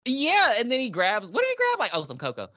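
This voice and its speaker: A woman's voice: on the high side, huge pitch swings, fast, pushed and bright, dry recording, dull audio. A woman co-hosting a podcast in casual review chat, talking with lots of fillers and acting out characters' lines. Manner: chatty, filler-heavy, acts out characters' lines. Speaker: podcast co-host.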